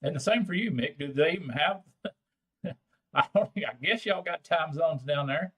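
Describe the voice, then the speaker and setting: A man's voice: a little high, expressive, moderate pace, fairly bright tone, husky. Older Texan man, folksy drawl. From Texas. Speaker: livestream host. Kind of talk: casual chat with viewers.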